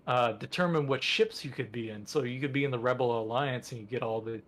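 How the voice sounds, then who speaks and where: A man's voice: mid-range voice, a little fast, a bit bright, a little hiss or hum. A man co-hosting a podcast in casual chat, rambling with enthusiasm and lots of fillers. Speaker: podcast co-host.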